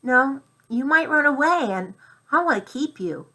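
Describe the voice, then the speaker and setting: Woman doing a high-voiced, stubborn young boy. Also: expressive, a little slow, pushed and bright, exaggerated voice, poor audio. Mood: curious. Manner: wondering, blunt.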